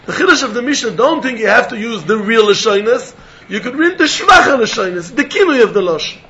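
A man's voice: very high-pitched, lively intonation, brisk, lo-fi sound, heavy background noise. A man teaching a Talmud lecture, repeating phrases and mixing in Hebrew and terms.

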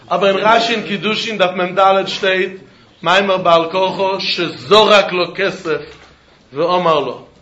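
Animated high-voiced man teaching Talmud. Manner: animated, questioning, mixing English and Yiddish. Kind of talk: yeshiva-style Talmud lesson. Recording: dull echoey room with faint noise.

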